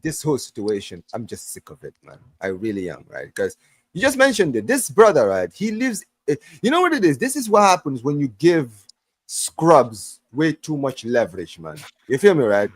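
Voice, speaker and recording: A man hosting a casual football podcast, ranting in an animated way, swearing often and restarting his phrases. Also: medium pitch, moderate pace, husky, no room sound. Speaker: podcast host. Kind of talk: heated casual football chat.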